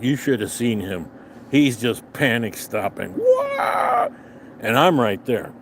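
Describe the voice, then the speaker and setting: An older man tells a road story outdoors in an angry, profane rant, swearing with nearly every line. His pitch swings widely as he goes. A faint outdoor ambience sits behind him. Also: slight background noise. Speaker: vlogger. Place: outdoors on a restaurant patio.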